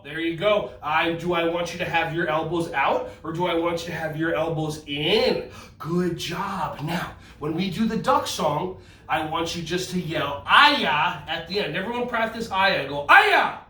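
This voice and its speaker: A man leading a children's karate and yoga lesson, talking in a playful, animated way with sudden shouted cries. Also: on the high side, a little hiss or hum. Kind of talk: kids' movement lesson. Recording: echoey room, mic at a distance.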